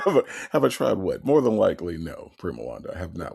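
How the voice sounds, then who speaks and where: A man hosting a live stream in casual, blunt commentary. His voice is gravelly, his pitch leaps around freely, and he talks with coarse language and a ready laugh. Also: brisk. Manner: animated, blunt, profane, laughs often. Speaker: livestream host.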